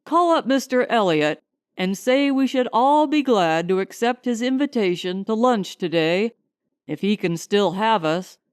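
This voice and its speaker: A woman voicing a calm, polite male householder in close to her own voice. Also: mid-range voice, unhurried, clear, resonant tone, no room sound, close to an everyday voice. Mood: courteous.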